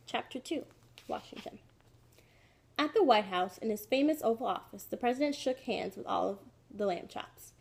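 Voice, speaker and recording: A woman narrating a children's storybook in a clear, expressive reading. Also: on the high side, moderate pace, slight background noise.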